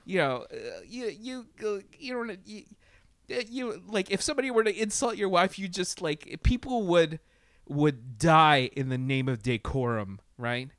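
In a casual podcast chat, a Latin American man talks loosely and animatedly, swearing freely and stumbling over fillers and restarts. His slightly high voice sounds smooth and clean, recorded on a close mic in a dry room, at a moderate pace.

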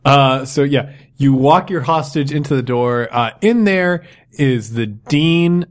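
A man's voice: medium pitch, slow. A man running a tabletop game as game master, narrating loosely with many restarts. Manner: rambling, loose, lots of fillers and restarts.

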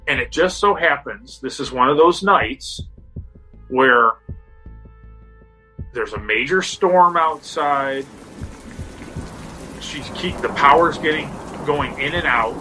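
A guest storyteller casually tells a spooky story, animatedly acting out the people in it. His voice is on the high side and husky, and the recording quality is low.

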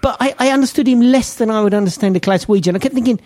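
Fast-talking, wisecracking male guest. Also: extremely high pitch, a little mellow. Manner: quick, wisecracking. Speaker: podcast guest. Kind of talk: casual football podcast chat.

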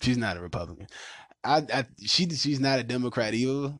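A man in his thirties hosts a casual podcast and rants at length, swearing freely and laughing loudly when something gets to him. His voice sits in an ordinary middle register. The recording is dry and close, with no room sound. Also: medium pitch, animated, a little fast, no room sound. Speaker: podcast host.

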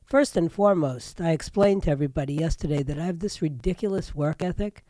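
A woman's voice: low voice, fast talker, dark tone, no room sound. Older female talk host, nasal and congested, rambling chatty delivery, dry booth sound. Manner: rambling, chatty monologue with frequent fillers. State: sick with a stuffy nose. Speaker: radio talk show host. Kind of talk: casual talk radio monologue.

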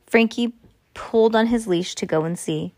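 A woman reading a first-person children's story aloud in a steady, earnest way. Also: a little high, moderate pace, no room sound, studio quality. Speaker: audiobook narrator.

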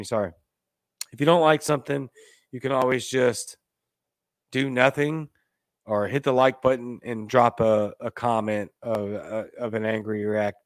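A man hosts a casual livestream chat in a loose, rambling way, swinging between loud bursts and muttered asides. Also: on the low side, dry recording. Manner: loose and rambling, with swerves in loudness and pace. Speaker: host.

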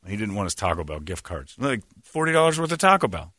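A man's voice: lowish voice, very animated, quick pace, fairly bright tone, no room sound, clean studio sound. A man hosting a casual radio talk show, blunt and opinionated, laughing often. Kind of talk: casual banter on air.

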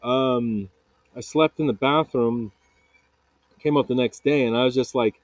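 A man's voice: medium pitch, unhurried, pauses often, dry recording. A man in his thirties hosting a podcast, telling a personal story casually, stumbling over repeated words and fillers. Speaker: podcast host.

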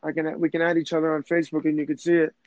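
A young man talks in a rambling, emotional way, circling back with fillers and restarts. His pitch is a touch high but stays flat and even. The recording is dry and dull, like lo-fi sound. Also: rapid-fire, no room sound. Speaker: man telling his proposal story. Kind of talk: casual conversation.

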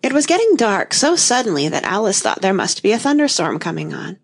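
A woman reading a children's storybook aloud in an expressive, lively way. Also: mid-range voice, brisk, gravelly, breathy edge. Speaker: narrator.

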